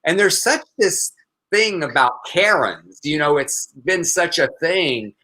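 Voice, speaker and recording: Male co-host, animated and gossipy, bright voice, slightly high. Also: takes it slowly, poor audio. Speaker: talk show co-host. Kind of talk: casual news chat.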